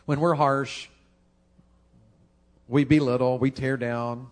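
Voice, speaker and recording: A man's voice: fairly even intonation, slow. A male pastor, preaching a folksy sermon full of repeated words. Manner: folksy, repeats words, rises high for emphasis.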